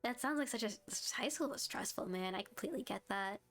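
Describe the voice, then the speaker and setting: A woman's voice: mid-range voice, expressive, fairly quick, a bit bright, soft background music. A young woman streaming a game live, chatting and giggling as she reads her chat aloud and reacts to the story.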